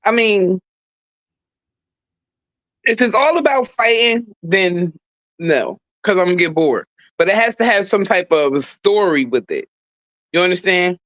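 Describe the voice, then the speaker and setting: A podcast guest speaks slowly and easily, their pitch swinging up and down as they joke about what they like to watch. The sound is dry and close, with a dull, muffled tone. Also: dry recording. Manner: relaxed, drawn-out, playful replies. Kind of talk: casual chat about movies.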